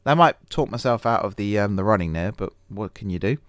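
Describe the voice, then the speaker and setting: A man's voice: lowish voice, expressive, a little fast, fairly bright tone, no echo, studio quality. A man hosting a gaming channel, chatting casually over a management game, rambling and poking fun at himself with many fillers and restarts. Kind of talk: casual let's-play commentary.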